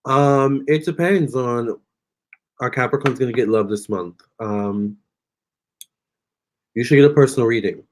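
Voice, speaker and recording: A young man talks loosely through his live tarot stream, thanking viewers and answering their comments. His voice sits at a middling pitch. He drifts through his thoughts with fillers and false starts. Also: a little slow, pauses often. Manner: rambling, chatty, many fillers and restarts. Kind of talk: casual live-stream chat reading comments.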